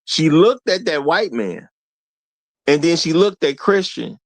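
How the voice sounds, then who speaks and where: A man's voice: a little high, lively intonation, unhurried, dry recording. A male show host giving casual commentary, talking straight to his viewers in an emphatic way and laughing between points.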